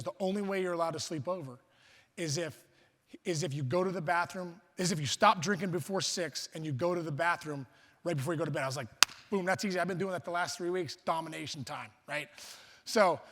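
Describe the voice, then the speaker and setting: At a banquet hall luncheon, a man with a high, bright, gravelly voice gives a humorous storytelling speech. He's animated, acts out voices and occasionally breaks into loud outbursts, with a long reverb from the hall in the sound.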